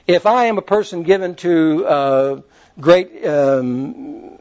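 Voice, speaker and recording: A man leads a Bible class in a fairly high voice. He talks in a folksy, rambling way and often restarts his sentences. The recording is dull and lo-fi. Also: slow, a little mellow. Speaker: Bible teacher. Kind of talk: conversational Bible class teaching. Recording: muffled lo-fi recording.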